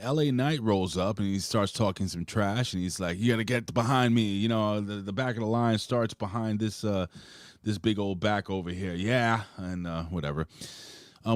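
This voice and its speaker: Host, male, very low and dry, profane rambler. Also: no room sound. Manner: loose, profane, rambling recaps. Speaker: host of a wrestling review show. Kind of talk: casual live-stream chat.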